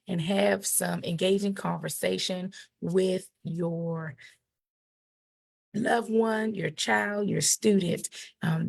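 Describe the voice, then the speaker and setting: Middle-aged woman educator, warm-hearted coaching delivery, slightly raspy with some vocal fry. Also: on the low side. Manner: animated, encouraging, acts out quotes. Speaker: educator presenting a puberty book. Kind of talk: teaching talk to parents and kids.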